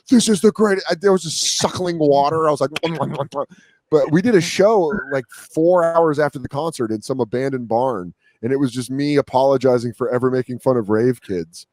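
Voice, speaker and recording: A man's voice: mid-range voice, dry recording, clean studio sound. A man in his thirties, a comedian guest telling drug stories in casual chat, acting out other people's voices. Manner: animated storytelling, acts out quotes.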